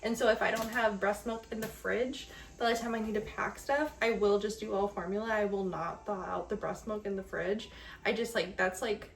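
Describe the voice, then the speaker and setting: A woman's voice: mid-range voice, fairly even intonation, moderate pace, creaky, slight background noise. A young adult woman vlogging casually to camera, talking in a chatty, candid, sentimental way and leaning on lots of fillers. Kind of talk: casual vlog talk to camera.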